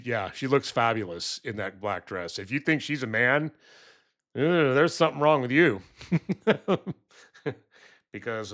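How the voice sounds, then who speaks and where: A man speaks at an ordinary middle pitch in a loose, rambling monologue. He stops and restarts often, fills gaps with "uh" and "um", and briefly acts out the voices of people in his story. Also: fairly bright tone. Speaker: political commentary vlogger.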